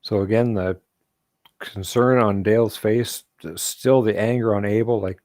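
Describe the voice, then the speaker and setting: Low-voiced guy hosting a comic stream, laughs a lot, does little character quotes, dry close mic. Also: steady tone, a little slow, darkish tone, no echo. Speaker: host. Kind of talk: casual live-stream chat about comics.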